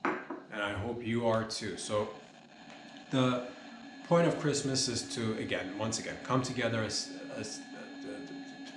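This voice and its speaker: A man's voice: on the low side, measured pace, over music. Rambling mock-serious man in an echoey room. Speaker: comedy podcast host. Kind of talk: rambling deadpan comedy monologue. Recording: roomy echo with faint noise.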